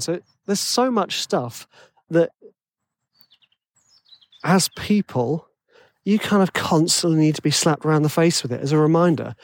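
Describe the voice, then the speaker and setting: A man's voice: high voice, no room sound. A man with a tenor voice hosting a podcast, rambling and self-deprecating in casual chat full of fillers. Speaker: podcast host.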